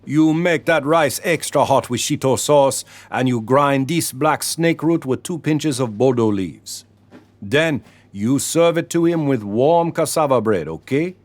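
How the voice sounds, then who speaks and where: A man voicing a shopkeeper who talks in a showy Caribbean accent while making a smooth sales spiel. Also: mid-range voice, expressive, a little slow, dry recording, voice pushed up, lightly acted. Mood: smooth, salesy. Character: older male shopkeeper with put-on Caribbean patter.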